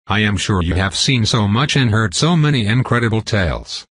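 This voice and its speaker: Demure, flattering female vampire, read by a man, low husky tone. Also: normal speed, dry recording, studio quality. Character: charming, scheming female vampire.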